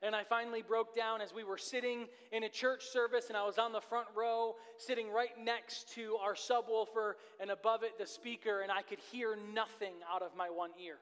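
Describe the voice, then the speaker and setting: A man's voice: high voice, little pitch movement, moderate pace, few pauses, a bit bright, smooth, big-room sound. A man in his thirties preaching a sermon as pastor, earnest and repeating his key phrases for emphasis. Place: church sanctuary.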